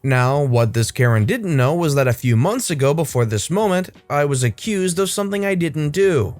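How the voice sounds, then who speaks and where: A young man narrating online stories in an expressive, dramatic storytime manner. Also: fairly high pitch, moderate pace, dry recording.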